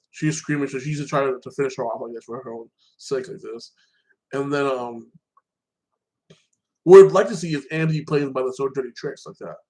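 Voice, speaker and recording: A man's voice: mid-range voice, darkish tone, poor audio. Rambling man recapping a TV show. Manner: rambling, repeats "like that", swears freely. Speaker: show reviewer. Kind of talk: casual TV episode recap.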